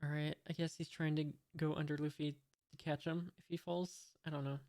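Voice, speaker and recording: An American channel host reads a manga aloud for the first time, describing each panel and adding hesitant, wry asides. His voice is fairly high, a little mellow, and flat, at normal speed.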